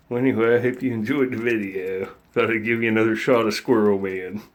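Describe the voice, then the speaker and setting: A man's voice: lowish voice, fairly even intonation, normal speed. A man, vlogging casually and talking baby talk to his pet squirrel. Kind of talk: casual vlog chat.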